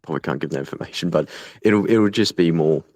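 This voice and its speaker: A young Australian man speaking bluntly in an interview, swearing freely and pausing often with fillers. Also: rumbling low, darkish tone, no room sound. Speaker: guest, volunteer fighter. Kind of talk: casual conversational interview.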